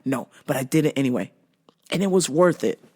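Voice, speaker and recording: A woman's voice: rumbling low, animated, brisk, darkish tone, husky. A woman hosting a show, telling stories in a casual monologue, blunt and full of profanity. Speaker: host.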